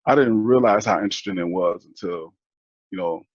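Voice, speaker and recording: A man from Detroit, a guest on a show, telling his family story in a relaxed, rambling way with fillers and restarts. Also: low-pitched, a little fast, breathy edge, dry recording, highs cut off. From Detroit, Michigan, USA. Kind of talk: casual storytelling.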